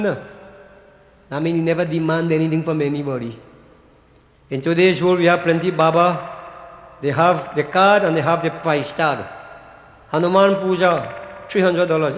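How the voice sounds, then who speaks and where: A man's voice: fairly high pitch, normal speed, pauses often. A man who is a Hindu priest, preaching a sermon to devotees and repeating his key words for emphasis. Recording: echoey hall.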